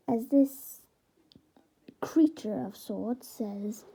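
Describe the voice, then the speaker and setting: A woman's voice: a little high, drawn-out words, dark tone, breathy edge, low-quality recording. A woman improvising a fan story as narrator, hesitant with many fillers and restarts.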